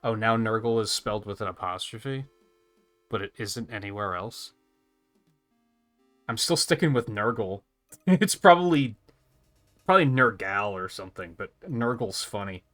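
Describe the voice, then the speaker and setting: A man's voice: lowish voice, normal speed, pauses often, a bit bright, soft background music. A male streamer commenting sarcastically on a game as he plays, laughing and swearing casually.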